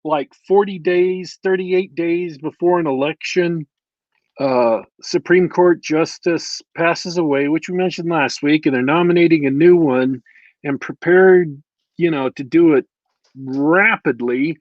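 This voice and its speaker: A man's voice: on the high side, a little slow, dry recording, highs cut off. A man co-hosting a casual podcast chat, easygoing and musing as he talks. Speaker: podcast co-host.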